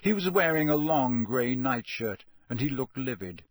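A man reading a story aloud as an audiobook narrator, in a measured, expressive way. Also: mid-range voice, noisy background.

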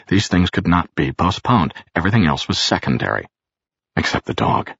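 Low gravelly guy reading an audiobook, husky, dry close sound, dull lo-fi. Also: lively intonation, brisk, fairly bright tone, dry recording. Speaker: narrator. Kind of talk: audiobook narration. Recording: dull lo-fi recording.

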